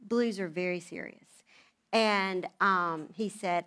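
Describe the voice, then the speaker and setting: A woman's voice: lowish voice, a little slow. A grandmother speaking to a room of moms, telling family stories and acting out the voices of her children and husband. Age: older. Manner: animated, acts out family dialogue in changing voices. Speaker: speaker at a moms' event. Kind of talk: talk to an audience, storytelling.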